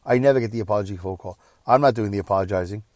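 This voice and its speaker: A tired, exhausted man hosting a podcast, telling a personal story in a rambling, emotional way that swings between quiet and loud. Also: lowish voice, rapid-fire, no echo, studio quality. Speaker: podcast host.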